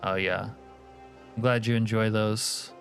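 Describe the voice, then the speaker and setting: A man chats with his live-stream audience in an easygoing way, reading their comments aloud and dropping quiet remarks to himself about the game. His voice sits somewhat low. Faint music plays behind him. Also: unhurried, vocal fry. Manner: relaxed, reads chat aloud, muttered asides to the game. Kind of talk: live-stream chat while gaming.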